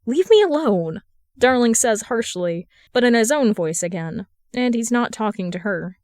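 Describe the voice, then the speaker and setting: A woman reading a fan fiction audiobook in a steady, even narration. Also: fairly high pitch, moderate pace, clean tone, no room sound, studio quality. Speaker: podfic reader.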